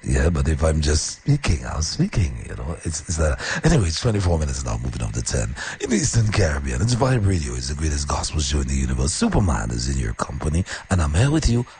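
A man hosting a radio show in casual chat, playful and teasing, with a very deep bass voice. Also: huge pitch swings, fast talker, few pauses, darkish tone, a little hiss or hum. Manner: playful, teasing, jumps between deep bass and high tones. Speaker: radio host.

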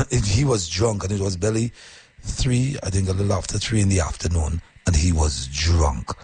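Male radio host, very low and deeply husky, animated storyteller with an earnest, exhorting manner. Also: normal speed. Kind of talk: casual on-air storytelling and advice.

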